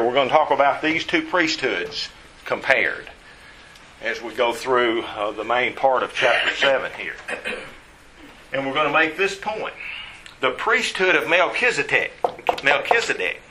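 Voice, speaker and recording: A man's voice: medium pitch, sharp tone, rough recording. Guy teaching bible study, emphatic, repeats stuff, asks the class questions, a faint noise behind.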